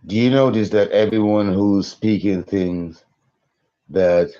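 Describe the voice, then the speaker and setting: A man's voice: fairly low pitch, fairly even intonation, slow pace, warm tone, lo-fi sound. A man in his thirties rambling through a live-stream monologue, repeating himself and swearing for emphasis. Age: 30s. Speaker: conspiracy vlogger.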